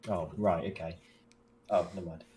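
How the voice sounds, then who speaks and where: A man's voice: low-pitched, fairly even intonation, moderate pace, mellow, slight background noise. A man taking part as a player in a tabletop game, speaking in short, tentative bits and asking before he acts. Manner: tentative, asks before acting.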